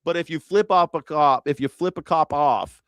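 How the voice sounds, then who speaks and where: A man's voice: a little high, moderate pace, smooth, dry recording, clean studio sound. A man hosting a news reaction show, with profane, sarcastic and mocking commentary. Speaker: host.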